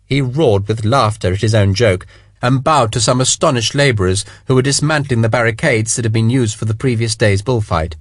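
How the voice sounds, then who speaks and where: A man narrating an audiobook in an expressive storytelling manner. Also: mid-range voice, fairly quick, no echo, studio quality. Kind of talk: scripted narration.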